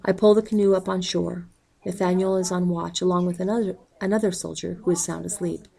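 A woman reading a novel aloud in a calm, even way, calling out the page numbers as she goes. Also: lowish voice, fairly quick, gravelly, rough recording. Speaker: audiobook reader.

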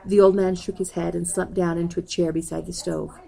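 Reading a storybook aloud, a woman uses a low, dark, gravelly voice. She goes at a measured, unhurried pace with a flat delivery, announcing page numbers as she reads.

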